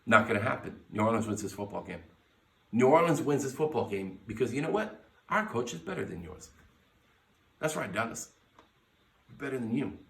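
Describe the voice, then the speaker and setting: A man's voice: medium pitch, very animated, moderate pace, gravelly, pauses often, a bit bright. A man hosting a podcast, giving brash, profane sports picks in casual talk and hyping his teams. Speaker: podcast host. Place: bar lounge. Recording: echoey room, mic at a distance.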